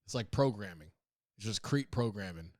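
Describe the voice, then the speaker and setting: On the low side and expressive, a podcast host's voice keeps a moderate pace in a dry, studio-quality recording. He delivers a casual comedic monologue full of profanity, laughing at his own gags.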